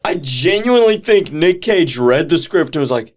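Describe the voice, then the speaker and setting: A man's voice: fairly high pitch, animated, normal speed. A man co-hosting a podcast, chiming in with jokes and short agreements in casual chat. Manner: jokey interjections, short agreeing replies. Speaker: podcast co-host.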